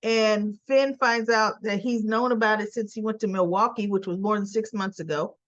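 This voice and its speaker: A woman's voice: medium pitch, steady tone, normal speed, fairly bright tone, no echo, dull audio. A woman casually recapping a soap opera episode in a chatty way, often checking in with "right?". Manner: chatty retelling, frequent "right?" and "he goes".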